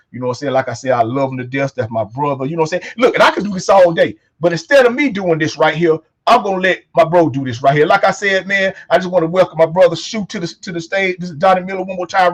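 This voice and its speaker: Male talk host, casual and profane, rapid talker, sits a bit high in his range, leans on filler phrases. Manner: loose, profane, repeats "man" and "you know what I'm saying". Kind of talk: casual talk show chat.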